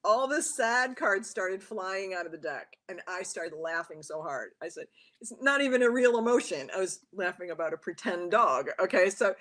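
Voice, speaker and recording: Talkative tarot reader lady, kinda low voice, chatty interview guest who does all the voices in her stories. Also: moderate pace, hardly any pauses. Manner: talkative, animated storyteller who acts out quotes. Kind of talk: casual interview chat.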